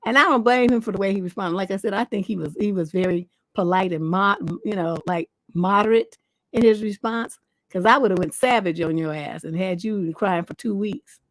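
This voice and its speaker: A woman's voice: mid-range voice, normal speed, no room sound. A woman hosting a live relationship advice show, answering letters in a blunt, scolding, profane manner. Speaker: relationship coach and livestream host.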